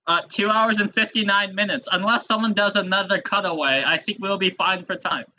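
A podcast co-host riffing through improvised comedy bits, excitable and quick to laugh. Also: mid-range voice.

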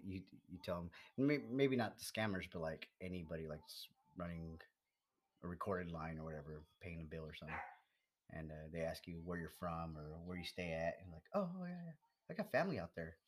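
A man co-hosting a podcast in casual chat, laughing often and making quick asides. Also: low voice, fairly even intonation. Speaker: podcast co-host.

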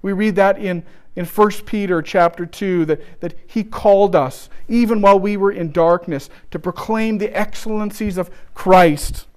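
A man preaching a sermon, telling a story with restarts and slowing down for emphasis. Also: high voice, darkish tone, clear, resonant tone.

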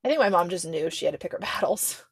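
A woman's voice: fairly low pitch, expressive, slightly rough, no echo. Young woman rambling casually, tons of likes, dry close mic. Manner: chatty, lots of "like", quick asides and laughs. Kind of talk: casual chat.

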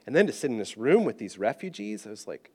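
A British-born man, a pastor, telling a personal story in an animated, self-deprecating and humorous way. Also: fairly low pitch, quick pace. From Britain. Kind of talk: storytelling sermon.

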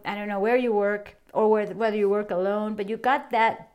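A middle-aged woman hosting a fitness podcast, talking casually and cheerfully straight to her listeners. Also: fairly high pitch. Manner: chatty, upbeat, addresses listeners directly. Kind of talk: casual wellness talk.

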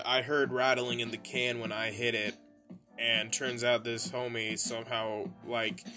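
A young man telling rambling, profane stories in a casual monologue, laughing and mimicking his friends. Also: mid-range voice. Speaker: podcast host telling stories. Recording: faint music bed behind.

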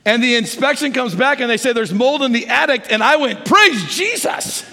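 A man's voice: extremely high pitch, a little fast, gravelly, bright, forceful tone. A middle-aged man preaching a sermon to his church, telling a personal story in a conversational way and leading into prayer. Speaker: pastor. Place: large church sanctuary. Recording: reverberant church hall.

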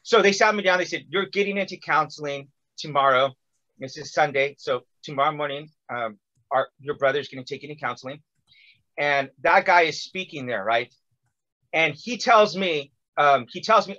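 Lively storytelling man, bright thin sound. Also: a little high, brisk, muffled recording. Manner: animated, acts out quotes with many fillers. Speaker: guest telling a personal story. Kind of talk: casual storytelling.

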